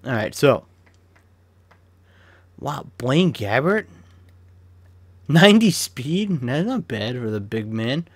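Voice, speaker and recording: A man's voice: medium pitch, very animated, takes it slowly, pauses often, breathy edge, dry recording. A young man giving casual, chatty commentary on a football video game as he opens card packs, swearing freely and flaring up in sudden rants. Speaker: gaming YouTuber.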